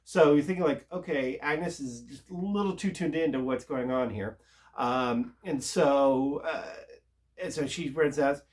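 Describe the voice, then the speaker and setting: A man casually recapping a TV episode, rambling and halting with lots of filler words. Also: mid-range voice. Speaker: TV show reviewer.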